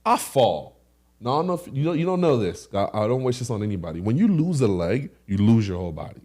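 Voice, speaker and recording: A young man co-hosting a podcast, telling stories in a lively way and acting out the action with sound effects. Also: medium pitch, quick pace. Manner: animated storyteller with sound effects. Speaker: podcast co-host. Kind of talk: casual podcast chat.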